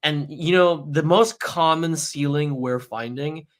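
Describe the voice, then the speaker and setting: A man's voice: fairly high pitch, unhurried. A man who is a guest on a podcast, speaking casually with many "like" and "you know" fillers. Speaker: agency owner, guest. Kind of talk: conversational interview.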